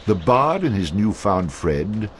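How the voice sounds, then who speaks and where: A man's voice: lowish voice, sing-song, takes it slowly, a little hiss or hum. An actor playing a sardonic male storyteller, giving wry, mocking scripted narration.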